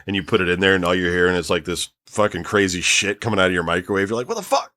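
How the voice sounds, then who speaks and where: A man's voice: low voice, flat delivery, fast, sharp tone. A man co-hosting a podcast in casual chat, rambling and swearing freely. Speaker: podcast co-host.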